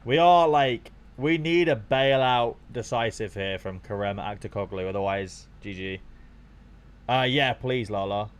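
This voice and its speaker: A young man with a fairly low voice, chatting casually to his live-stream audience as he watches football. He talks loosely and gets excitable, swearing freely along the way. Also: a little slow, clear, resonant tone.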